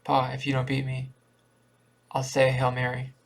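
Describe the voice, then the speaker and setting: A man's voice: mid-range voice, level tone, a little slow, vocal fry. A man reading as a frightened little boy. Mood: begging. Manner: pleading. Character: frightened little boy pleading with his father.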